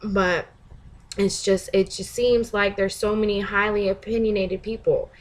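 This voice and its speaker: A woman talking straight to camera in a casual vlog monologue. She is blunt and profane, laughs often, and breaks into shouted mimicry of other people. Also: medium pitch, fairly even intonation, unhurried. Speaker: vlogger.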